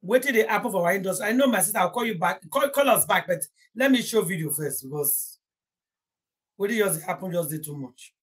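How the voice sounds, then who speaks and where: A woman's voice: medium pitch, expressive, fairly quick, slightly rough. A young Nigerian woman hosting a casual gossip livestream, rambling and emotional, slipping Pidgin into her English. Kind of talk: casual live-stream chat.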